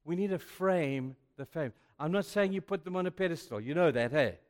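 A man's voice: a little high, expressive, brisk. Emphatic preacher man in echoey hall. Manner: emphatic and chatty, keeps saying "you know". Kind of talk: youth sermon.

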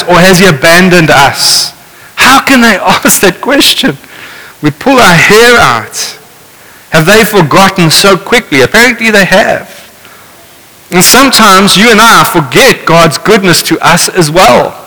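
A man's voice: high voice, bright, forceful tone. Male preacher, casual and wry, reverberant hall. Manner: conversational, wry asides. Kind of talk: sermon with scripture reading.

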